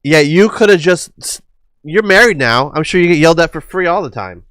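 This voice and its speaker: An American man hosts a livestream, chatting casually and rambling with lots of fillers and swearing. His voice is a little high and a bit bright, with lively intonation and a slightly fast pace, captured in a dry, clean studio recording.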